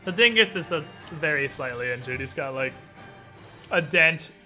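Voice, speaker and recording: Bright-voiced male game master. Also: on the high side, expressive, faint music behind. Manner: playful, quick asides. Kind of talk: narrating a tabletop game.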